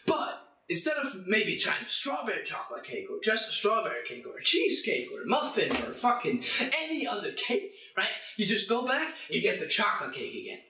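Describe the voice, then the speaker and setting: A young man hosting a comedic, profane rant, swearing constantly and bursting into shouts. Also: sits high, huge pitch swings, fairly quick, a little hiss or hum. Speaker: channel host. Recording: echoey room.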